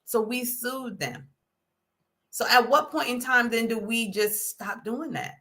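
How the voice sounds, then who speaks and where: Bright-voiced woman hosting a chat. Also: on the high side, unhurried. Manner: animated, folksy, many "okay?" asides. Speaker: host. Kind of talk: casual talk to a live audience.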